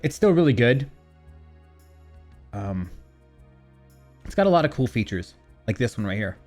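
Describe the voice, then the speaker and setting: A young man rambling casually on a live stream, profane and self-mocking, at an ordinary mid pitch. He talks into a desk mic routed through a streaming mixer while faint game music plays behind him. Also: big pitch swings, measured pace, a little mellow.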